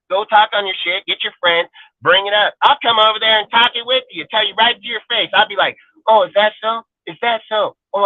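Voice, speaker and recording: A man's voice: fairly high pitch, dry recording. Profane, taunting man on a tinny line. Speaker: channel host. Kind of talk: angry livestream rant.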